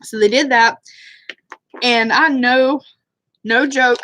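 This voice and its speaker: Chatty higher-pitched woman, dry sound. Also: fairly even intonation, slow, pushed and bright, dry recording. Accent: Southern US. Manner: chatty, rambling, self-deprecating. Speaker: beauty vlogger. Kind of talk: casual storytelling while doing makeup. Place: home room, live stream.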